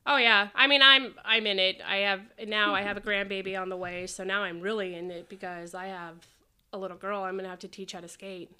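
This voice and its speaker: A middle-aged woman, a roller derby skater, chatting as a podcast guest and telling animated stories. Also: medium pitch, fairly quick, smooth. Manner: animated storyteller, acts out quoted voices. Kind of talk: casual interview chat.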